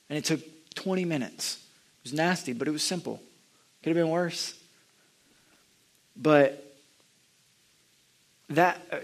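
A young man sharing a personal testimony, earnest and halting, often restarting his sentences and climbing high and loud when he gets stirred up. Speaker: lay speaker sharing a testimony.

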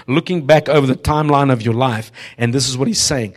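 A man's voice: mid-range voice, fairly quick. A man preaching a humorous, prophetic sermon to a church congregation, exhorting and speaking to the listeners directly. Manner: exhorting, addresses listeners directly, often laughing. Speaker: visiting preacher.

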